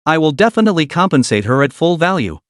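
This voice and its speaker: A man's voice: on the high side, big pitch swings, quick pace, no room sound, studio quality. A man voicing a frank, kind young female psychologist in a comic recap. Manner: frank, gentle.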